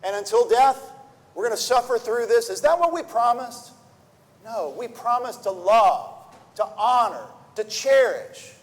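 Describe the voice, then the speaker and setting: In a church sanctuary, a man with a very high-pitched, lively voice preaches an earnest sermon at an unhurried pace, full of rhetorical questions. He often repeats words when restarting a thought, and the church hall gives a long reverb.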